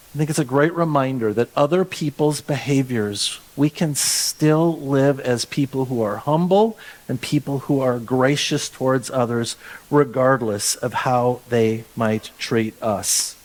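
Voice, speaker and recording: A man's voice: medium pitch, a little slow. A man pastor preaching a sermon in a conversational way, often restarting phrases and stretching words for emphasis.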